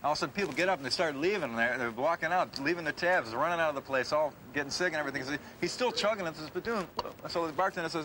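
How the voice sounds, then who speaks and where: A man tells a joke at a fast clip and acts out each character along the way. He is recorded outdoors near city traffic. The old videotape adds loud hiss. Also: on the high side, lively intonation, rough recording. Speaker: musician telling a joke. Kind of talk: casual joke-telling.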